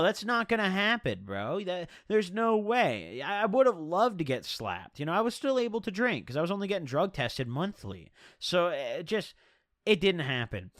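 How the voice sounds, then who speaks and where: A man's voice: high-pitched, a bit bright, no echo, clean studio sound. A young man telling a rambling, profane story to his viewers in casual slang.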